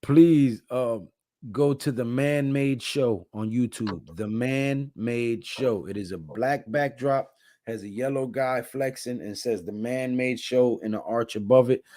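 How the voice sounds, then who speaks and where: Mellow-voiced tired male stream host. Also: medium pitch, a little slow, no echo. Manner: laid-back, reads chat comments aloud. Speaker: livestream host. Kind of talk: casual live-stream chat.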